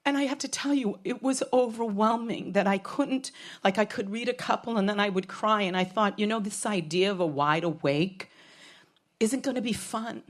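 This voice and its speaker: A woman's voice: mid-range voice, moderate pace. A middle-aged woman telling a frank, comic personal story on stage, swearing freely. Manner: frank, profane, comic, with laughs from a crowd.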